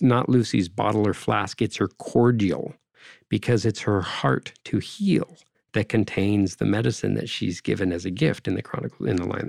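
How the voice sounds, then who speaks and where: A man's voice: medium pitch, gravelly, a little mellow, dry recording, studio quality. A man speaking as an interview guest in a discursive, conversational way, often adding "right?" and "you know".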